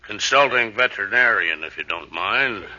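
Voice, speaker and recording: An actor playing a stuffy, self-important veterinarian who slips into dog yelps in a vintage radio comedy. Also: male voice, fairly low pitch, animated, normal speed, close to an everyday voice. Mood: pompous. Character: pompous veterinarian turning doglike. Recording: muffled hissy old radio recording.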